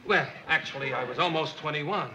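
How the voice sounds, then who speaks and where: An actor playing a grumbling, protective middle-aged coworker in a sitcom. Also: male voice, fairly high pitch, a little fast, a crowd in the background, close to an everyday voice. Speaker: newsroom coworker. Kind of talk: sitcom acting. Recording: noisy old TV soundtrack.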